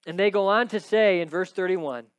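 A male preacher with a fairly high voice teaches through a passage with emphatic stress, often tossing out a quick "right?" to his listeners. The sound is dry and close, with almost no room around him. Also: clean tone, no room sound. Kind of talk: sermon with scripture reading.

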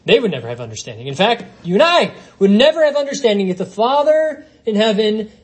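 Lively high-voiced male preacher. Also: quick pace, husky, rough recording. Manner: expository preaching with rhetorical questions and quoted scripture. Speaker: pastor. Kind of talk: sermon.

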